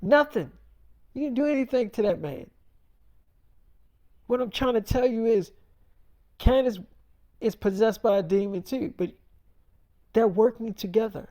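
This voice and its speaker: A man's voice: sits high, animated, a little slow, long pauses, warm tone, dry recording, studio quality. A man voicing his own future self in a made-up story, warning him in an insistent, serious way. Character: grave man from the future, urgent warner.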